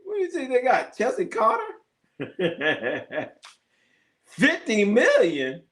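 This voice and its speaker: This is a man running a casual live sports stream, full of swearing, laughter and stories. His voice sits a little high and swings widely in pitch. He plays the people in his stories himself, in loose and lively chat. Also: slow pace. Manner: animated, profane, laughs often, acts out quoted exchanges. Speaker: live sports show host.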